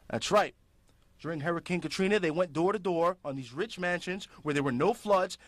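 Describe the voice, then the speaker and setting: A man's voice: on the high side, fairly bright tone, no echo. A man hosting a public access show, delivering impassioned political commentary in a fiery, ranting, emphatic way.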